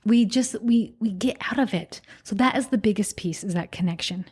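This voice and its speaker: A woman's voice: mid-range voice, moderate pace, darkish tone, breathy edge. Upbeat woman coach, chatty interview guest, slips into quoted voices. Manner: enthusiastic, acts out quoted dialogue. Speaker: homeschool coach and mother. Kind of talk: casual podcast interview.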